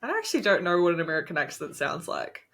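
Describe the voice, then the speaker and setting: Lively giggly young Australian woman. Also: lowish voice, fast. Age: young adult. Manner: giggly and gushing. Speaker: podcast co-host. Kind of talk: casual chat.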